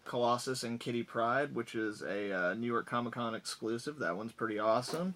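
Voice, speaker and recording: Excited man rattling off his collection. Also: mid-range voice, moderate pace, hardly any pauses, slight background noise. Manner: enthusiastic, rambling, rattles off items. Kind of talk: casual vlog showcase.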